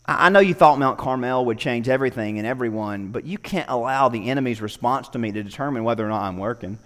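A man voicing God as a patient, gently chiding presence, his voice dropped lower, heard with long hall reverb. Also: fast talker, natural voice.

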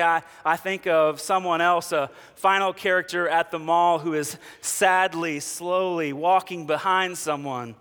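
A man's voice: sits high, sharp tone, clear, resonant tone, long reverb tail. A man preaching a sermon, telling humorous stories and acting out the people in them before moving into scripture. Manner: humorous storytelling, acts out quoted characters. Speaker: pastor.

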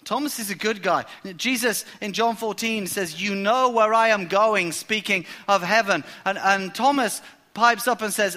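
A preacher delivers a sermon in a bright, ringing voice. He tells the story with lively energy and acts out what the characters say. His voice carries a long reverb from a large hall. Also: high voice, moderate pace.

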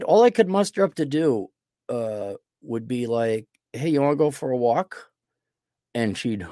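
A man with a cold talks through a casual, rambling podcast monologue, often restarting his sentences and poking fun at himself. His voice sits at an ordinary middle pitch, and the recording is dry and close with no room sound. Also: darkish tone, no echo. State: sick with a cold. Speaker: podcast host.

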